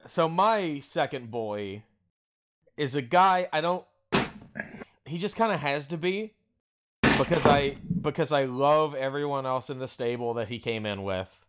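A mid-pitched man chatting casually on a podcast. He sounds eager and fills his sentences with quick fillers. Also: animated, noisy background. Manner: enthusiastic, leans on filler "like". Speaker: podcast co-host. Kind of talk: casual chat.

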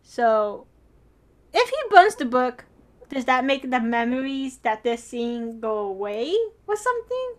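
A young woman casually recapping a drama episode, animated and laughing often, with casual swearing. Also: a little high, measured pace.

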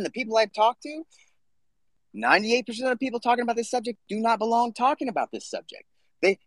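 A man's voice: a little high, a bit bright, dry recording. A man hosting a casual live audio chat, talking bluntly and swearing freely. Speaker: podcast host.

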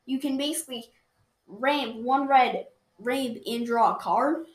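A woman with a high voice chats about cards, eager and quick to argue for her favorites. She rambles and restarts mid-thought. The sound carries a roomy echo. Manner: enthusiastic, argumentative, rambling with restarts. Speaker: card game reviewer. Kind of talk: casual chat. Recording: roomy echoey room.

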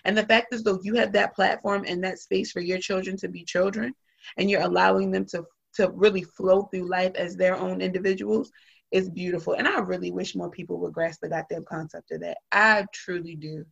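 A woman's voice: on the low side, steady tone, fairly quick, creaky, husky, highs cut off. A woman talking candidly and emphatically in a casual conversation, blunt and swearing freely.

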